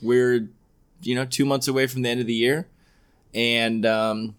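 A man co-hosting a podcast in casual chat, rambling and halting with restarts. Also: medium pitch, flat delivery, clean tone. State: throat burning from spicy drink. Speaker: podcast co-host.

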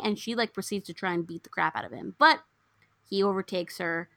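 A young woman casually recapping a film plot, acting out the characters' lines with lively swings. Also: mid-range voice, fairly quick, gravelly, dry recording. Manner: animated storyteller, acts out characters' lines. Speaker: podcast co-host recapping a film. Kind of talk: casual chat.

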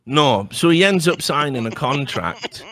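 A man hosting a podcast, delivering an animated, mocking comedic rant with swearing and stammered restarts. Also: medium pitch, unhurried. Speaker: podcast host.

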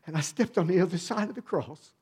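Middle-aged pastor guy telling his testimony from the pulpit, kinda high voice, goes quiet then loud. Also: fast, slightly rough. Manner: conversational storytelling, swings from hushed to emphatic. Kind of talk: sermon testimony.

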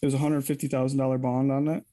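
A man's voice: medium pitch, little pitch movement, rapid-fire, mellow, no echo. A man telling a personal story as an interview guest, candid and rambling, often correcting himself mid-sentence.

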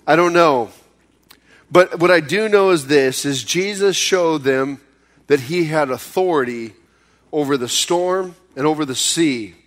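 Preaching man, high voice, dramatic swings. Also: fairly bright tone. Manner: conversational preaching, acting out quoted pleas with sudden high bursts; drops low and slow for serious points. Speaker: pastor. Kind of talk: sermon.

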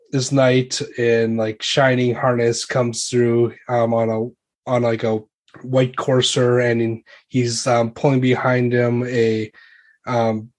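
A man running a tabletop role-playing game, narrating in a relaxed, meandering way. His voice sits at an ordinary mid pitch, and his sentences are full of ums and likes. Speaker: game master.

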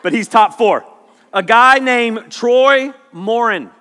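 A middle-aged man preaching and telling jokes as a youth pastor, full of animated stories. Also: very high voice, takes it slowly, some chatter behind. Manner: animated, joking storyteller. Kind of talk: sermon. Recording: long hall reverb.

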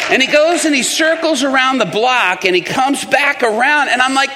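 A man's voice: very high-pitched, brisk, hardly any pauses, in a large hall, a loud crowd, very noisy. A man preaching and telling a story, acting out the voices of the people in it. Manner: animated, acts out the voices in his story. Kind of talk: sermon storytelling.

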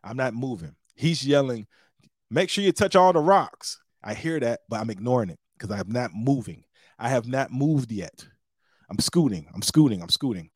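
A podcast host tells a casual story with lots of animation, his voice carrying a breathy edge. He acts out quotes with big jumps in pitch, and the recording is clean studio sound with no room ambience.

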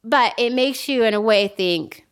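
A woman casually telling a story to a friend on a podcast, animated and laughing often. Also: fairly high pitch, a little slow, smooth.

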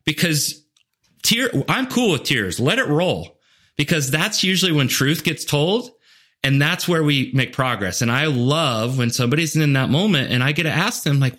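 A man's voice: mid-range voice, moderate pace. Earnest man coaching on a podcast. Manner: earnest and animated, with frequent "like" fillers and restarts. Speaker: leadership coach, podcast guest. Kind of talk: conversational podcast interview.

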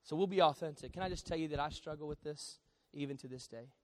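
Higher-voiced pastor preaching. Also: male voice, quick pace, no room sound. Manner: swings from quiet confession to loud storytelling. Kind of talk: sermon.

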